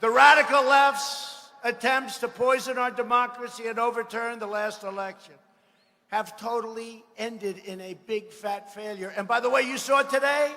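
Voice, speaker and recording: A man giving a rally speech, boastful and mocking, repeating himself and bursting into shouts. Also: very high-pitched. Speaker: political speaker at a rally. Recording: echoey hall with faint ambience.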